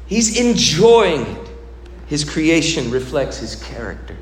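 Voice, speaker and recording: A man preaching a sermon, swinging between loud emphasis and hushed, low passages. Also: big pitch swings, a little slow, reverberant, long reverb tail. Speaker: pastor.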